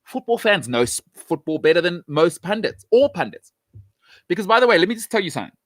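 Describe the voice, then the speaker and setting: A man holding forth as a show host in a slightly higher-than-usual voice, recorded dry and close with no room sound. He argues emphatically, throws out rhetorical questions and often restarts his sentences. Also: brisk, no room sound. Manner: emphatic and animated, pitch jumping up when making a point. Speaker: show host giving opinions. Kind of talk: opinionated casual monologue.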